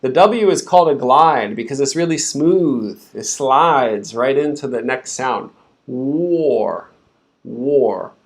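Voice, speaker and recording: A man's voice: medium pitch, measured pace, hardly any pauses. A man teaching English pronunciation in a live stream, patiently breaking words into sounds and repeating them for learners to copy.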